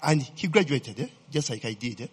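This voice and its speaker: Male pastor, lively sermon voice, slightly husky, long hall echo. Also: mid-range voice, a little fast. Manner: animated, asks the congregation to fill in words, frequent "eh?" tags. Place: church hall. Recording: long reverb of a church hall.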